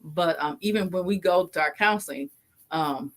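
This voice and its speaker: A woman's voice: fairly low pitch, moderate pace. A woman co-hosting a casual couple's podcast, thinking aloud with many restarts and easy laughter. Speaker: podcast co-host.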